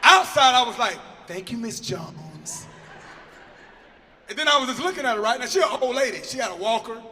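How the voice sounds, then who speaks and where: A man in his forties delivers a comedic talk to a crowd of teachers, full of animated storytelling and sudden shouted bursts. His voice sits very high and sounds bright and forceful. A long hall reverb trails behind each line. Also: racing, faint music behind. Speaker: motivational comedic speaker. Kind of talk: comedic keynote to educators. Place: large hall before a live audience.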